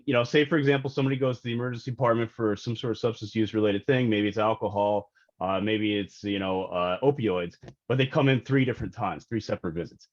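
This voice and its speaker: Male analyst, explanatory, filler-heavy, rushed; muffled video-call sound. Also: medium pitch. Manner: explanatory, many fillers, rushing through slides. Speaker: health department data analyst. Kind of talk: presenting at a public board meeting.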